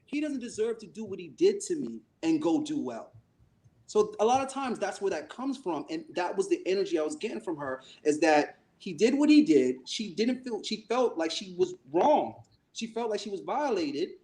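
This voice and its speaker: A man on a podcast tells a story in casual chat, and his pitch swings widely as he goes. He acts out each quoted line and curses without holding back. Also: normal speed. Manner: animated, acts out quoted voices, swears freely. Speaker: podcast co-host.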